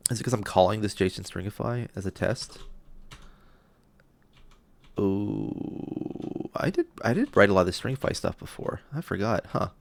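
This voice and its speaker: A man's voice: fairly low pitch, moderate pace, gravelly, long pauses, no room sound. A man streaming live as he codes a game, thinking aloud and muttering to himself, sometimes dropping to a whisper, loopy and self-deprecating. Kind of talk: live-stream coding talk.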